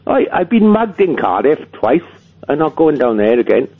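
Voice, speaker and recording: Welsh guy calling in on a tinny phone line, gravelly and husky, keeps stammering, lively up and down voice. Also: on the high side, moderate pace. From Wales. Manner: stammering, repeats words, apologetic, bursts into indignant protest. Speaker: radio caller. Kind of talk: phone-in call to radio show.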